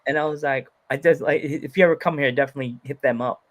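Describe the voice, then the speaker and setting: An American man hosts a podcast in a relaxed, chatty way, with a voice that sits a little high for a man. He rambles, restarts his sentences and giggles often as he talks. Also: quick pace. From United States. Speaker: podcast host. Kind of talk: casual chat.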